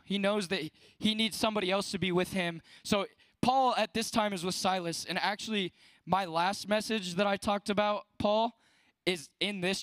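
High-voiced teenage guy giving a youth sermon. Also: fairly bright tone, no echo. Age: late teens. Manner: conversational, fills speech with "like". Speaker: student speaker at a youth service.

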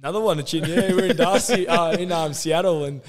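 A man's voice: sits high, fairly quick. A man, a guest in a casual podcast chat, telling rambling stories and swearing a lot. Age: late 20s. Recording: long reverb in the room.

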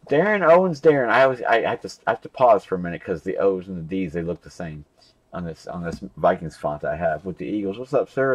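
A man's voice: mid-range voice, darkish tone, no room sound, poor audio. A young man hosting a live card break stream, casually rambling and reading off names and card numbers.

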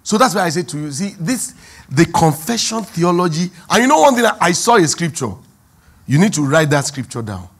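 A Nigerian pastor delivers a sermon in a somewhat high, husky voice. He drops to low, quiet asides, then climbs into loud, stretched-out lines for emphasis. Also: big pitch swings. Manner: preaching with sudden loud rises and drawn-out emphasis. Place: church hall.

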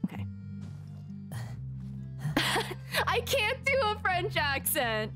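A woman's voice: very high-pitched, big pitch swings, very slow. A woman streamer giving casual, chatty commentary as she plays, talking to herself and giggling often. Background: game music.

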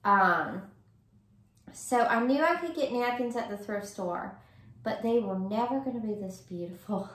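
Effusive high-voiced woman. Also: animated, fairly bright tone. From Virginia, US. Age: 30s. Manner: effusive, gushing, slow and drawn-out. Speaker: vlogger. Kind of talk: casual gift-opening vlog. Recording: roomy echo.

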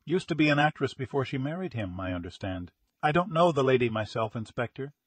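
A man's voice: medium pitch, sing-song, a little fast, fairly bright tone, breathy edge, no room sound. A man voicing a respectful police sergeant who reports in a matter-of-fact way.

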